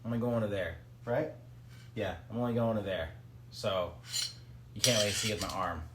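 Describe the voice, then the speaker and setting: A man's voice: fairly low pitch, steady tone, normal speed, fairly bright tone, a little hiss or hum. Rambling man tinkering on stream. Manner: rambling, loose, joking asides to chat and dog. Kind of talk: casual live-stream commentary while building.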